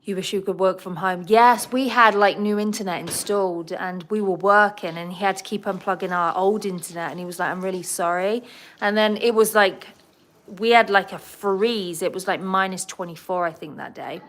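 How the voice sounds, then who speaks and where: A woman's voice: medium pitch, fairly even intonation, normal speed, a bit bright. A middle-aged woman from England with a southern English accent, hosting a casual livestream and chatting as she answers viewer comments. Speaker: host of a pet livestream.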